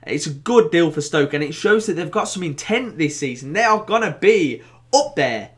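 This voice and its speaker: A young man with a Birmingham accent hosting a casual football vlog, animated and jokey, with bursts of excitement. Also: fairly high pitch, normal speed. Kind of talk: casual to-camera football chat.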